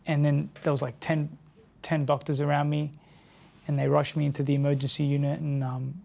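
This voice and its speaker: An Australian man recounting a hard personal story in an interview, in a halting, earnest way that often repeats words and restarts. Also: a little high, level tone, vocal fry, darkish tone. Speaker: interview guest. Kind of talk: emotional personal account in an interview.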